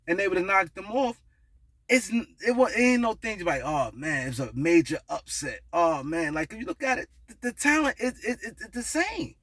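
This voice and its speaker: High-voiced man ranting about basketball. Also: no echo. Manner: animated, repetitive, conversational with slang and restarts. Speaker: sports commentary host. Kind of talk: casual basketball opinion monologue.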